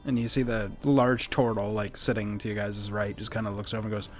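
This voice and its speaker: A man narrating as game master of a tabletop game in a relaxed way with many fillers. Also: lowish voice, a little fast, faint music behind.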